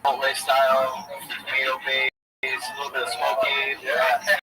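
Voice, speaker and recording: A man's voice: medium pitch, monotone, normal speed, far from the mic, loud music behind the voice, rough recording. A man co-hosting a podcast in loose, joking casual chat. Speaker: podcast co-host.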